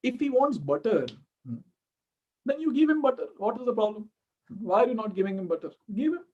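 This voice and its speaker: A man's voice: high voice, very animated, brisk, a little mellow, lo-fi sound, voice pushed up. A man with an Indian accent voicing an indulgent village mother who asks questions in a soothing, raised voice. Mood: placating. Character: indulgent village mother, calm but puzzled.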